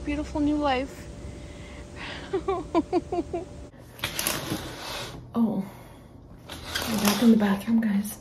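A vlogger talks to camera from her home garden and deck, breathless and emotional, words tumbling out in a rush full of "like." Her slightly high voice is a little slow with frequent pauses, dropping to hushed whispers near the nest. A faint hiss of outdoor noise sits behind her.

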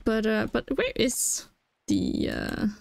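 Young woman gaming, giggly and chatty, voice jumps all over, kinda gravelly. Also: on the high side, slow pace. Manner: chatty, giggly, easily excited. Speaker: gaming channel host. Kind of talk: casual game commentary. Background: faint game music.

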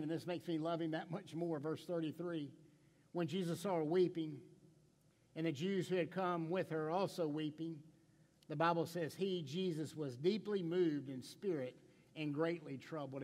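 Speaking in a large hall, this pastor preaches with a slightly high voice at a fairly quick pace. He's passionate yet conversational, often going hushed and asking his listeners direct questions.

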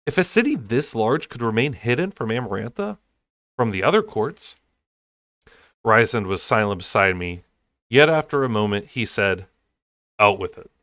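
A man's voice: mid-range voice, sing-song, normal speed, a bit bright, no echo. A man reading a fantasy novel aloud in an unedited take, with occasional slips and asides. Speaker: audiobook reader.

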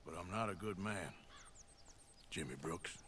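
Deep, menacing outlaw. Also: male voice, moderate pace, a bit bright. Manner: drawling, threatening. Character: gruff, menacing male outlaw gunslinger. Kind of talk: video game voice acting.

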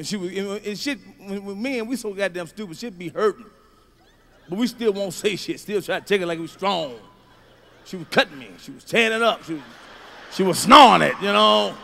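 A male stand-up comedian, delivering a profane routine with shouted punchlines. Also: high voice, vocal fry, a little hiss or hum.

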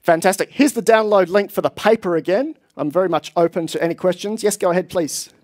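A man's voice: high voice, fast talker, a little mellow. A man presenting at a tech conference, explaining with enthusiasm to a live audience. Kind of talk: conference talk. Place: conference hall.

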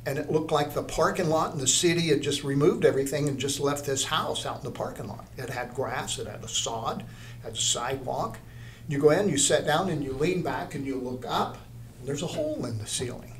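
A man's voice: mid-range voice, normal speed, a little hiss or hum. An older man, an art teacher, telling a story in an interview, rambling, with many restarts.

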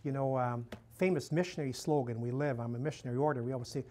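With a medium-pitched, dark-toned voice and a quick pace, a male missionary priest gives a conversational, story-driven talk to a live audience, often saying "you know." He acts out quoted dialogue by raising his voice, and there is slight background noise.

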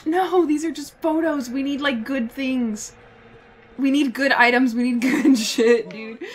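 A young woman streaming a horror game live, excitable, swearing and laughing often. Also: high voice, unhurried, a little hiss or hum. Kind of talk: live gameplay commentary.

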